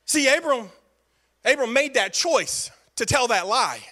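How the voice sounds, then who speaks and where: Brief: male pastor, emphatic repeating preacher with jokey asides, high bright voice. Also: lively intonation, unhurried. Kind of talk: sermon.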